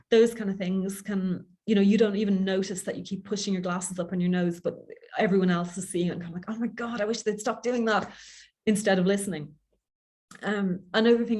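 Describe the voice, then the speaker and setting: A woman with an Irish accent giving a quick, chatty public speaking workshop, self-deprecating and informal. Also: medium pitch, a little mellow. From Ireland. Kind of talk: workshop talk.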